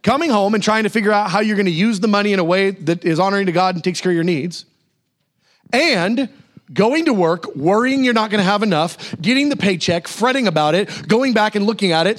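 A male pastor preaching a sermon, animated, with sudden high exclamations and slow, emphatic repetition.

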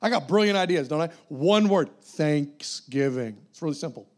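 A middle-aged man preaching a sermon in a casual, conversational way, sometimes dropping to soft whispered prayers. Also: fairly high pitch, lively intonation, fast talker.

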